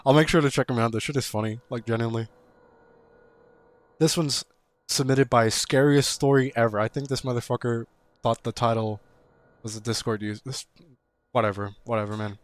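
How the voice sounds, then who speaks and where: A man's voice: mid-range voice, normal speed, pauses often, no echo. Profane, laughing man reading submissions. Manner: laughing, profane, mocking commentary. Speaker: creepypasta reader.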